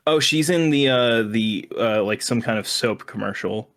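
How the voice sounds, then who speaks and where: A young man in casual podcast chat with a middle-pitched voice. He laughs often and curses offhandedly as he talks. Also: normal speed, fairly bright tone. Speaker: podcast co-host.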